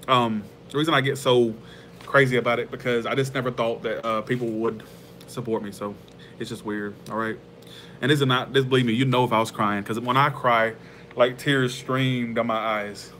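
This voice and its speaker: A man's voice: medium pitch, steady tone, a little fast, bright, forceful tone, a little hiss or hum. Chatty man hosting a livestream. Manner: rambling, heartfelt, laughs easily. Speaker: tarot channel host. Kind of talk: casual livestream chat with viewers.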